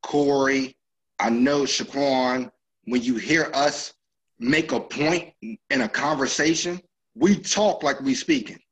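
A man talks on a podcast panel with loud, emphatic passion. His pitch sits in a plain middle range. He lands his points firmly, like someone used to speaking. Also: takes it slowly, low-quality recording. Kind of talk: casual group chat.

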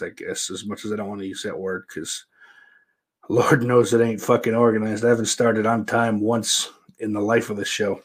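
A man hosting his own show, talking in a loose, rambling, profanity-heavy monologue. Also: medium pitch. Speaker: podcast host.

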